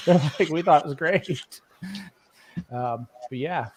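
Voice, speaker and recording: A man's voice: on the high side, expressive, slow pace, breathy edge. A man with an East Coast Canadian accent chatting casually on a livestream, rambling and laughing often. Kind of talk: casual chat.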